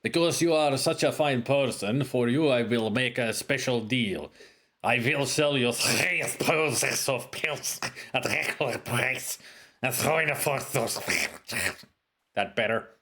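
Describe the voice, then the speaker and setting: A man voicing a smooth-talking male bazaar merchant in a game, with a heavy put-on foreign accent and salesman patter. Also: mid-range voice, a little slow, fairly bright tone. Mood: wheedling.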